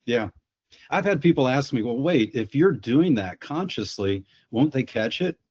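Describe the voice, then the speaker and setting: A man's voice: medium pitch, expressive, a little slow, darkish tone, lo-fi sound. A man on a video call explaining sales psychology through anecdotes, often restarting his words. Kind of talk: storytelling on a webinar panel.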